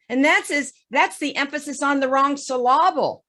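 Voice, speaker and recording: Woman financial advisor, fairly high voice, animated, tells lots of stories. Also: moderate pace. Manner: animated storytelling with folksy examples. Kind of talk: webinar talk on investing.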